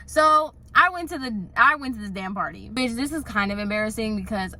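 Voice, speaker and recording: A young woman spins a storytime for her viewers, chatty and exasperated, filling every pause with "like". Her voice sits high and sounds bright and lively. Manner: chatty, exasperated, heavy use of filler "like". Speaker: salon worker. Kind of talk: casual storytime vlog.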